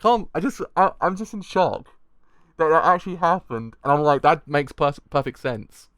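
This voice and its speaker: A young man hosting a live manga reaction and review, excitable, swearing freely and laughing often. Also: fairly high pitch, moderate pace, no echo, studio quality. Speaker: manga reaction channel host.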